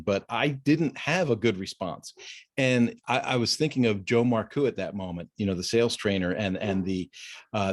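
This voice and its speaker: A man hosting a business talk, recorded over a video call, chatting casually and telling a story with lots of restarts. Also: fairly low pitch. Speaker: business podcast host.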